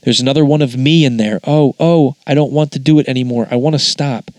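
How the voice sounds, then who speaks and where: A man's voice: medium pitch, a little fast, a little mellow, dry recording, lightly acted. A man reading aloud as a frightened man under hypnosis, with a pleading, anguished delivery.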